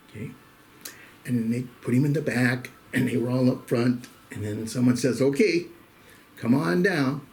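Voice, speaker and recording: A man's voice: mid-range voice, gravelly, mellow, a little hiss or hum. A middle-aged man hosting a weekly show, telling jokes in a folksy, casual monologue and calling his listeners "folks.". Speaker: host.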